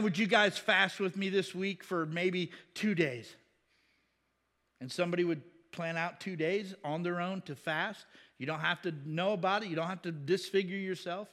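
Pastor guy talking scripture, kinda high voice, chatty, keeps asking questions and laughing. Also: sharp tone. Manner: conversational, rhetorical questions, chuckles. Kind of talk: casual Bible teaching.

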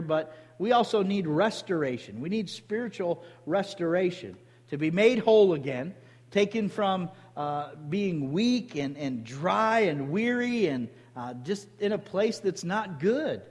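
Man, pastor, emphatic sermon, high voice, long church reverb. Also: expressive, measured pace. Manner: emphatic preaching with call-and-response.

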